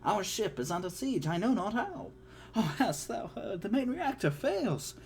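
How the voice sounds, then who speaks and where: C-3PO, a man putting on a fretful, high droid. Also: sing-song, measured pace, a little hiss or hum, exaggerated voice. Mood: alarmed. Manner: fretful, reciting in old-fashioned verse. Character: fussy, anxious male protocol droid.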